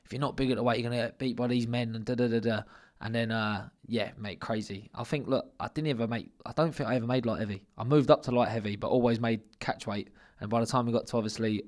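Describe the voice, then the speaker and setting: A young man in his twenties talks about boxing in a casual, informal way and keeps saying "mate." He speaks very fast at a mid pitch. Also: steady tone, a little mellow. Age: 20s. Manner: quick, informal, says "mate" a lot. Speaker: boxer guest. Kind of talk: casual interview chat.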